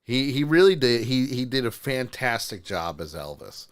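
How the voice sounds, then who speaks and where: A man's voice: mid-range voice, very animated, normal speed, smooth. A man hosting a live call-in podcast, chatting casually, laughing often and stumbling over restarts. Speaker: podcast host.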